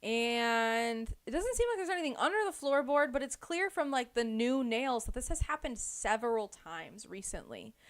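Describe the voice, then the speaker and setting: A woman's voice: fairly high pitch, normal speed, few pauses. Chatty woman recapping a book. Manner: animated retelling with lots of "like" and "um". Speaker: podcast host. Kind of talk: casual book club chat.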